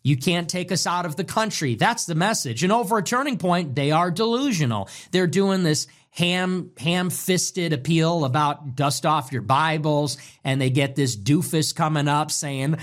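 Guy ranting solo, kinda high voice, hammering short repeated lines. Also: measured pace, few pauses. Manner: emphatic, repetitive, punchy short sentences. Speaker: commentator. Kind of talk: solo opinion monologue.

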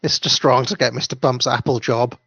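Gravelly man making wry asides. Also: mid-range voice, fairly even intonation, brisk. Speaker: co-host reading the live chat. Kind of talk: casual chat. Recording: dry lo-fi sound.

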